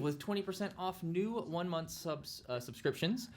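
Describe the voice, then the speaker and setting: A man's voice: sits high, lively intonation, normal speed, a little mellow. A man who hosts and runs a tabletop role-playing show, opening the session casually and reading sponsor plugs in a loose, joking way. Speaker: game master and host.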